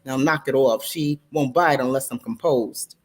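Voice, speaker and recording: A woman voicing a flirtatious male banker friend who talks in a low near-whisper with bass and a dry, teasing manner. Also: moderate pace.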